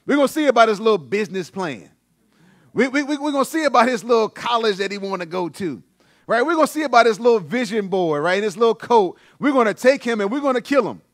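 A man's voice: sits high, animated, quick pace, no echo, clean studio sound. A man voicing mocking, jealous older brothers in the middle of a sermon, taunting and sneering.

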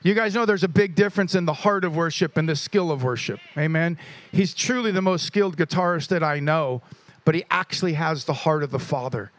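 A man pastor introducing a guest speaker to his church, telling a story with animated energy and praying over him. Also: a little high, a little fast.

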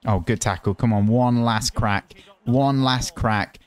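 Excitable man commentating his own gameplay. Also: medium pitch, measured pace, clear, resonant tone. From United Kingdom. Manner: excitable, loud outbursts at near misses; chatty, muttering while planning. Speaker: gaming YouTuber.

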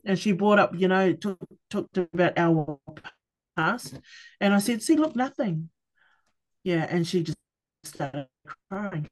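A middle-aged woman, a podcast guest sharing her personal story candidly, with halting restarts and acted-out quoted conversations. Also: fairly low pitch, lively intonation.

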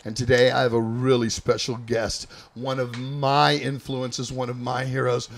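A man's voice: medium pitch, flat delivery, moderate pace, vocal fry. A middle-aged man hosting an interview, speaking eagerly and often stumbling over his words. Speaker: host, thrash metal musician.

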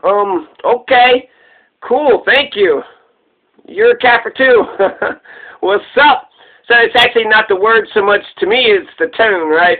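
Really high-pitched guy riffing and cussing, sounds like it's over a phone line. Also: normal speed. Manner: rambling, profane, joking. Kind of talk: casual tribute commentary.

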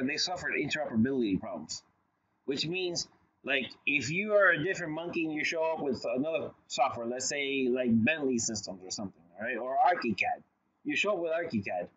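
A man's voice: on the high side, sharp tone, husky, muffled recording. A man giving a long lecture in a loose, conversational way, telling stories with asides and frequent restarts. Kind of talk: casual recorded lecture.

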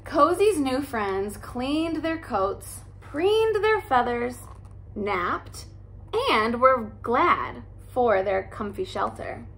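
A woman in her thirties reads a children's picture book aloud the way a teacher would, gentle and expressive. She takes her time, leaving pauses between the phrases. Her voice sits a little high and carries a gravelly fry. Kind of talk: read-aloud storytelling.

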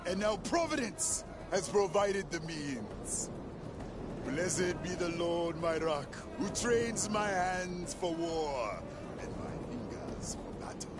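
A zealous preacher who quotes scripture and demands guns. His high voice swings widely as he draws out his words in a slow, booming sermon cadence. Loud game music plays behind him. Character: fanatical preacher-warlord, older man, zealous. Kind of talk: video game cutscene acting.

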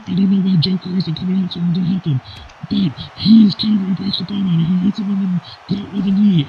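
A man giving excitable play-by-play wrestling commentary that breaks into sudden high shouts. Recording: dull lo-fi recording with faint hiss.

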